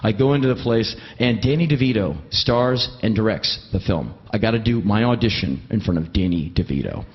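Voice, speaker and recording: A man's voice: on the low side, animated, a little fast, hardly any pauses, muffled recording. A man doing live comic storytelling, wry and emphatic, swearing freely. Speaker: spoken word storyteller.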